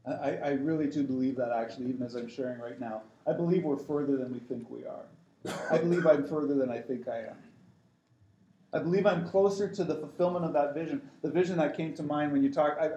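A middle-aged man with a slightly high, mellow voice delivers a rambling, exhortative sermon about a dream, often restarting his sentences. The sound is roomy and the audio dull.

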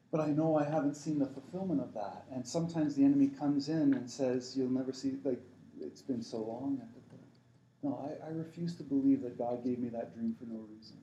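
In this sermon, a middle-aged man of medium pitch and dark tone urges his listeners on while rambling through a dream story, often starting his sentences over. The sound is reverberant, with the highs cut off and a little hiss or hum.

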